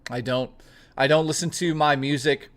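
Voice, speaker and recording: A man's voice: on the high side, fairly even intonation, moderate pace, fairly bright tone. A young man livestreaming, casually reading out viewer messages and riffing on them with plenty of swearing. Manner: loose, profane, reads viewer messages aloud and riffs on them. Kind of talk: casual live stream chat.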